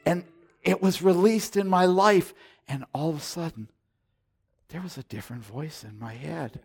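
A man in his sixties preaching a sermon as pastor, impassioned and swinging between loud exhortation and hushed intensity. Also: on the high side, moderate pace, slightly rough.

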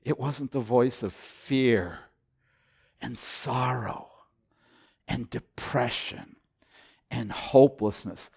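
A man's voice: mid-range voice, takes it slowly, gravelly, pauses often, breathy edge. Impassioned older male pastor preaching. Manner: impassioned, swings from loud exhortation to hushed intensity. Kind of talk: sermon.

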